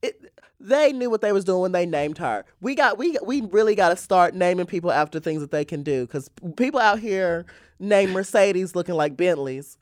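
A man co-hosting a podcast in casual chat, animated and laughing often, from a small country town. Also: sits high, no room sound, clean studio sound. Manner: animated, laughs often, drawn-out emphatic talk. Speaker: podcast co-host, drag queen.

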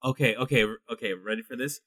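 A man co-hosting a casual podcast chat, talking animatedly and reading film trivia aloud with excitement. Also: medium pitch, quick pace, husky, no echo, clean studio sound. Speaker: guest co-host.

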